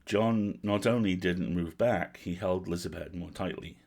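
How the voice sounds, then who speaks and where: A man reading a dark fantasy novel aloud on a livestream, in a steady, measured storytelling manner. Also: sits low, creaky.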